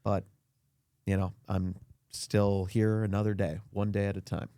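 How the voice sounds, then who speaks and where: A man as a podcast guest in a comedic rant, indignant and self-pitying, his voice climbing high as he complains. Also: flat delivery, unhurried, dark tone, no echo, studio quality. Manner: indignant, whiny self-pity, voice climbs high when ranting. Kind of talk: comedic mock interview rant.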